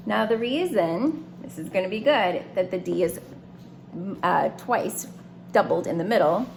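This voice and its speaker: A woman's voice: medium pitch, lively intonation, moderate pace, vocal fry, a little hiss or hum. A woman teaching a phonics lesson, writing words and explaining each one step by step in a patient way.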